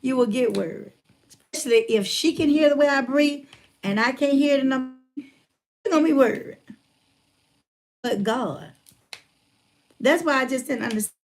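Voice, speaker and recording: A motivational speaker telling a personal story in a casual, folksy way, retelling conversations and calling listeners by name, still getting over a chest cold. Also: female voice, sits high, normal speed, long pauses. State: recovering from chest cold, congested breathing. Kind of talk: casual testimony talk.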